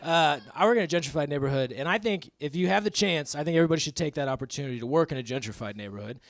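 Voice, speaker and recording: Studio-quality sound with no room tone captures a man in his thirties on a comedy club stage, performing stand-up for a live audience. He has a medium-pitched voice, rambles, pokes fun at himself, and laughs at his own jokes.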